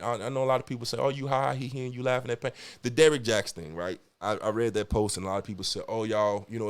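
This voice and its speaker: A young man hosting a podcast, ranting bluntly and profanely in casual talk. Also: fairly low pitch. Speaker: podcast host.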